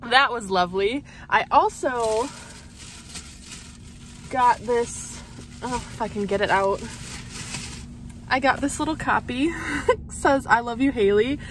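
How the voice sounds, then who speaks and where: A young adult woman vlogging in a car, gushing with breathless excitement and laughing often. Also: fairly high pitch, unhurried, long pauses, slight background noise. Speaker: book vlogger. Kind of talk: excited casual vlog chat.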